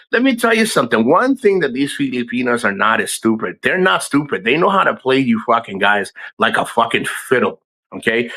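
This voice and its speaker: A man's voice: mid-range voice, bright, forceful tone. A man hosting a livestream, ranting in a rambling, profane way with lots of restarts. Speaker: livestream host. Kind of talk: casual livestream rant.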